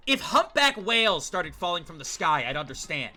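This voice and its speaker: A male streamer giving excitable let's play commentary, swearing and stammering as he reacts. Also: sits high, moderate pace, few pauses, soft background music.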